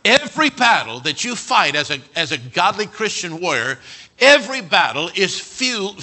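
A middle-aged male pastor preaching a sermon, telling stories and swinging from quiet asides to loud near-shouts. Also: high voice, very animated, normal speed.

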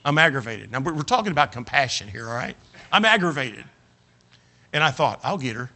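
A man's voice: mid-range voice, very animated, fairly quick, gravelly, sharp tone. An older man, a preacher telling a folksy, self-mocking story in a sermon. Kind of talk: sermon with humorous personal anecdote.

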